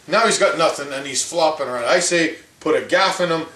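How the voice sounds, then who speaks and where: Man putting on a loud opinionated older hockey pundit, rambling rant, slightly high voice, echoey room. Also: fairly quick. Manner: ranting, rambling, folksy asides. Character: blustery older male hockey commentator, opinionated. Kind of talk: comedic impression rant.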